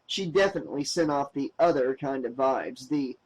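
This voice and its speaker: A man reading a novel aloud as an audiobook narrator, with expressive, wry storytelling. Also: mid-range voice, moderate pace, few pauses, rough recording.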